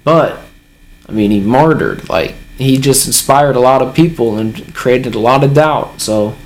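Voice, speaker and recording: A man's voice: mid-range voice, expressive, a little slow. A man casually reading a comic chapter aloud and reacting, sighing and chuckling between remarks.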